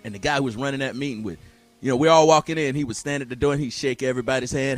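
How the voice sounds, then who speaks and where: A man hosting a radio show, telling stories in a casual, animated way and often mimicking other people. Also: mid-range voice, racing, faint music behind. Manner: animated storyteller, mimics voices, laughs often.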